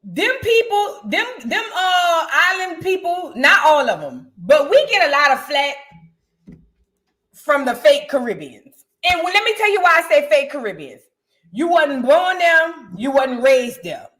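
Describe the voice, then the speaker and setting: A woman, co-hosting a chat show and telling stories in an animated, slangy way. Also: sits high, a little slow. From United States. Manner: animated, slangy, repeats phrases for emphasis. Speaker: podcast co-host. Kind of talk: casual storytelling chat.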